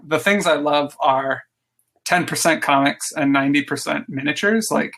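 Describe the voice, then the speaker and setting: Bright-voiced enthusiastic man rambling. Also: on the high side, moderate pace, a little hiss or hum. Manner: rambling, lots of "like" fillers, enthusiastic. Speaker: podcast guest, game designer. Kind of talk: casual interview chat.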